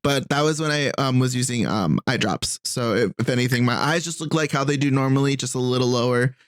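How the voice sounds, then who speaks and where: A man co-hosting a podcast, telling a story in a relaxed, rambling way with lots of filler words. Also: medium pitch, a little fast, no room sound, studio quality. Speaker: podcast co-host. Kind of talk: casual chat.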